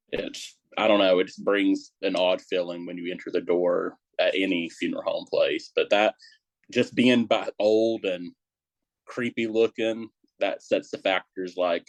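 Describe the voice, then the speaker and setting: A man with a low, deep voice talks in a loose, rambling way, full of fillers and nervous asides. He's a paranormal investigator on a casual podcast. The sound is dry and close, with no room around it. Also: steady tone, unhurried, dry recording.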